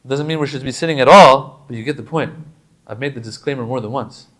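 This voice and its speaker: A man giving a casual, animated sermon to a gathering, joking at times and reciting Arabic supplications quickly before explaining them. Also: mid-range voice. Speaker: religious lecturer.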